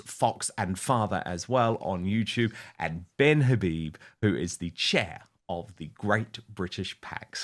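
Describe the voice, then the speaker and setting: A man hosting a panel discussion in a brisk, enthusiastic way. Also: mid-range voice. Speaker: talk show host.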